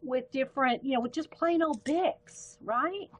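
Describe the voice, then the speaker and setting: A woman's voice: high-pitched, measured pace, no echo. A woman hosting a casual live stream, chatting to her viewers in a rambling way and laughing often. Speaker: livestream host.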